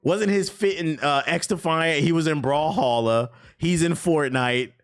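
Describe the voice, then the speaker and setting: A man's voice: on the high side, a little slow. A man giving blunt, profanity-filled reaction commentary on gaming news, mocking what he reads aloud. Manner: blunt, animated, swears freely, mocks what he reads.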